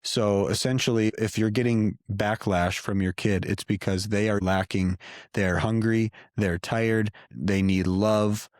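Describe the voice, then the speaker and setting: A man's voice: on the low side, steady tone, a little slow, a little mellow, dry recording, studio quality. A man in his thirties co-hosting a podcast, explaining ideas steadily in a casual chat and backing up his partner with short agreements. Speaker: podcast co-host. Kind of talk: calm conversational chat.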